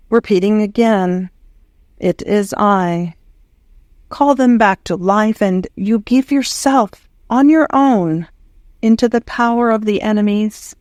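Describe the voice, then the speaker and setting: A woman reading a devotional text aloud in a prayerful, unhurried way. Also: medium pitch, darkish tone, dry recording, studio quality. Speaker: audiobook reader.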